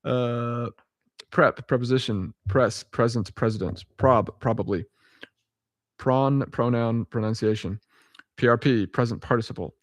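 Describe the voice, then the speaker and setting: A man's voice: mid-range voice, measured pace. A man with a mid-range voice reads through a list aloud in a laid-back vlog, spelling each entry out letter by letter. He chuckles between items, trips over words and fixes them, and wanders into side comments. The sound is dry, with no room echo. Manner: chuckling often, self-correcting, rambling asides. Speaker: vlogger. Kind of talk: casual reading-aloud vlog.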